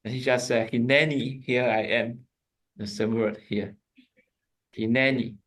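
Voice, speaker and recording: A man's voice: fairly low pitch, level tone. A man teaching a Hebrew lesson, repeating words and stopping to explain. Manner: slow, repeats words, pauses a recording to explain. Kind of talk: classroom lesson.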